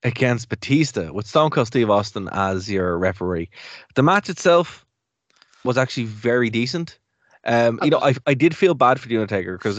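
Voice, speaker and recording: An easygoing man in casual podcast chat, laughing often as he talks. His voice sits mid-pitch and comes through a slightly dull, lo-fi mic with dry sound. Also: no room sound. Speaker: podcast co-host.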